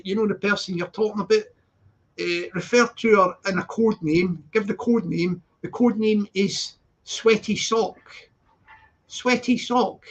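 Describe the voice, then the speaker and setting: A man chatting casually on a live stream from his flat, repeating phrases and laughing a lot as he greets viewers. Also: high voice. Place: flat with balcony door open.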